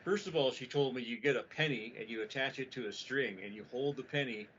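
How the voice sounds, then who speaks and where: A man's voice: medium pitch, brisk. A man from Utah co-hosting a podcast, telling a long rambling story in casual chat with plenty of swearing. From Utah, USA. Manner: rambling, profane, animated storyteller. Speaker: podcast co-host. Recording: dull lo-fi podcast audio with faint noise.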